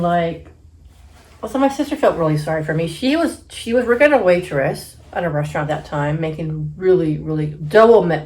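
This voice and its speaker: A woman in her thirties from the Bay Area, casually telling a story while she eats, chatty and quick to laugh. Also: fairly low pitch. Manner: chatty, laughs often, acts out quotes loudly. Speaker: mukbang host.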